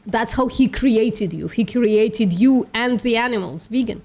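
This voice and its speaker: Speaking a little slowly in a somewhat high, slightly mellow voice, a vegan activist streamer hosts a live debate. She's blunt and combative, swears, and refers to others as "sweetie."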